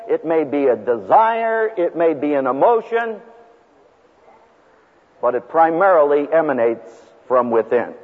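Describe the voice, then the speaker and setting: A man lectures as a seminary professor, punching single words and leaving long pauses. His voice sits fairly high and swings widely in pitch, with a husky edge. The recording is thin and lo-fi, with long reverb from a large hall.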